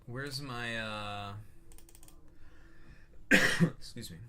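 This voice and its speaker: A man's voice: medium pitch, extremely slow, sharp tone, clean tone. A man casually talking through his own game on a livestream, reading out his notes and answering chat, with many fillers. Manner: rambling, lots of fillers, reads chat aloud. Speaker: streamer showing his game.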